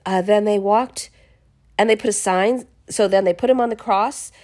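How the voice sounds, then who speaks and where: A woman casually retelling a Bible chapter in her own words, expressive and chatty, often restarting her sentences. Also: mid-range voice, moderate pace. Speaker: podcast host reading the Bible.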